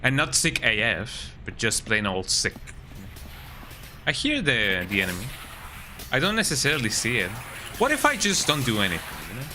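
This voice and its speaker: Male game streamer, sick with a cold, easygoing chatter, very bright voice. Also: mid-range voice, very animated, moderate pace, a little hiss or hum. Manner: laid-back chatter, tags lines with "eh?". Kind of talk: casual game commentary.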